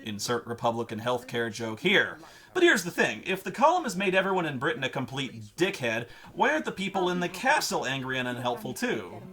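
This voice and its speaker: A man's voice: medium pitch, very animated, a little fast, sharp tone. A man narrating a comedic game review in a ranting, sarcastic, profane manner.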